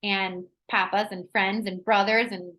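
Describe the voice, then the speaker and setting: A woman presenting a live online wellness workshop on a video call, talking in an energetic, chatty way with frequent "um"s. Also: mid-range voice, a little slow, poor audio.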